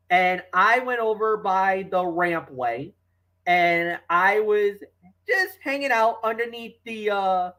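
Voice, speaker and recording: A mid-pitched sports talk co-host chatting in a loose, rambling way. The speech is full of fillers and restarts as the host tells stories and talks about players, and the voice grows louder when excited. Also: low-quality recording. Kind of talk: casual sports talk and storytelling.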